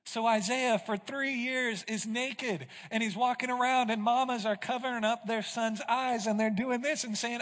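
Male pastor, high-pitched, preaching with dramatic volume swings, long church reverb. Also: fairly even intonation, normal speed, hardly any pauses. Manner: dramatic, swings from loud to hushed. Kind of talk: sermon. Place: church sanctuary.

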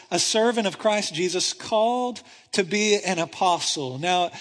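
A male pastor with a notably high voice delivers a sermon in a church sanctuary. He swings between loud, urgent appeals and quiet, intense stretches. A long reverb trails his words through the hall.

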